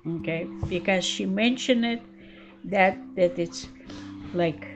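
An older woman being interviewed about her childhood, telling it in halting, broken English full of fillers. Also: medium pitch, a little hiss or hum. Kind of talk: oral history interview.

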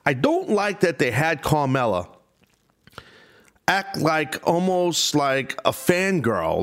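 Rambling, opinionated male podcast host. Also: medium pitch. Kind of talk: casual wrestling commentary.

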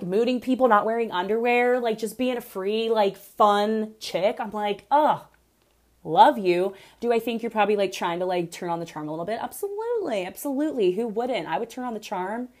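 A young woman chats through a reality TV recap in a loose, gossipy way. Her talk is animated and peppered with "like" as she dishes on every twist. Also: a little high. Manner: gossipy, animated, heavy use of "like".

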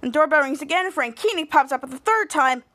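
A woman's voice: high-pitched, expressive, quick pace, bright, forceful tone, no echo. A woman hosting a podcast, casually recapping an episode in a rambling way and acting out the scenes. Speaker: podcast host.

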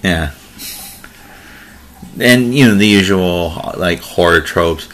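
A man chatting casually about movies, telling stories in a relaxed, rambling way. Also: low voice, takes it slowly. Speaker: movie reviewer.

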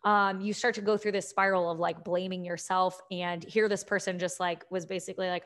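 A woman's voice: on the low side, level tone, fairly quick, hardly any pauses, fairly bright tone. A young adult woman, a health and fitness coach, telling a personal story candidly with many fillers and restarts. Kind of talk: personal story, casual talk.

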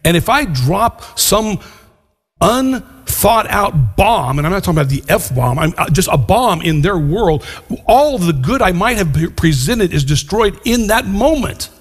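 An older man preaching a sermon as a pastor, earnest and deliberate, slowing down to stress key words. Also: high voice, big pitch swings, slightly rough. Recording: long hall reverb.

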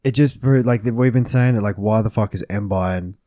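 Low, mellow bloke, blunt. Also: male voice, moderate pace, no room sound, clean studio sound. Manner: blunt, swears, laddish. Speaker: podcast co-host. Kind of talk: casual sports banter.

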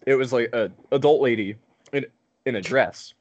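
A man chatting on a podcast, rambling through a story with constant fillers and the odd curse word. His voice sits at an ordinary pitch. The sound is a bit muffled and dull. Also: normal speed. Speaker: podcast co-host telling a story. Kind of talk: casual podcast chat.

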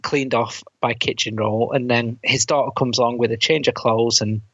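A man's voice: mid-range voice, fairly even intonation, normal speed, a bit bright, dry recording. A man co-hosting a film review podcast, casually retelling scenes with frequent laughs and quoted lines. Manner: laughs often while recounting scenes, quotes lines in put-on voices. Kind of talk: casual chat, retelling a plot. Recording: dull, dry close mic.

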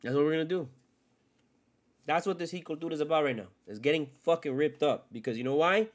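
A man hosting his own sports podcast alone, ranting with constant swearing, jumping from loud outbursts to low mutters. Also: fast talker. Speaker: podcast host. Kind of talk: solo sports rant.

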